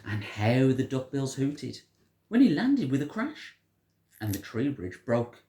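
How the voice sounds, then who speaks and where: A storyteller reading a picture book aloud to a child, with a pitch that rises and falls in a lively, sing-song way. The voice sits in a middle register, and the room gives it a roomy echo. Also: unhurried, a little hiss or hum. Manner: animated, sing-song telling.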